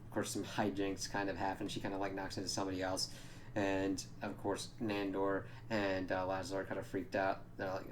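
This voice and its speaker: Man, lowish voice, casual show review, rambling, swearing, many fillers. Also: little pitch movement, normal speed, fairly bright tone, slight background noise. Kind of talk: casual spoken episode recap.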